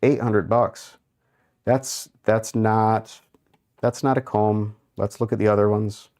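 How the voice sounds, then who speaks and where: With a fairly low, steady, darkish voice, this livestream host reads chat messages aloud at an easy pace. He mutters as he browses and drops amused little remarks along the way.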